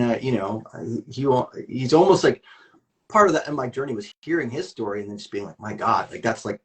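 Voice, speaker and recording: Regular guy being interviewed, earnest, kinda rambly, lots of restarts. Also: fairly low pitch. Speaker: interview guest. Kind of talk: candid conversational interview.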